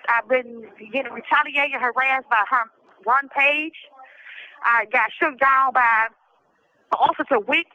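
A woman's voice: high-pitched, sharp tone, no echo, highs cut off. A woman giving an impassioned spoken commentary from prison, urgent and emotional, pleading and repeating herself. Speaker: incarcerated person giving a recorded commentary.

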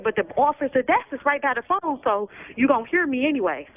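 A woman's voice: high-pitched, expressive, fairly quick. Agitated woman on a tinny phone line. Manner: agitated, urgent, repetitive complaints. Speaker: incarcerated person calling in. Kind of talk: impassioned prison phone commentary. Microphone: prison telephone.

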